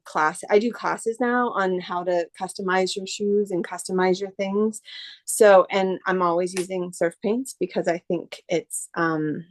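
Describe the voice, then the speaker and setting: A woman from the Bay Area, an artist who customizes shoes, talking casually in an interview and rambling with many restarts. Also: lowish voice. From San Francisco Bay Area. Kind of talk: casual interview over video call.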